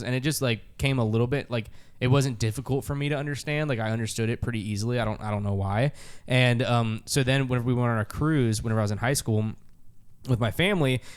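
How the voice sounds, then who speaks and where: A man's voice: medium pitch, smooth. A young man co-hosting a podcast, telling a casual story with lots of fillers and restarts. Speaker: podcast co-host. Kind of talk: casual chat.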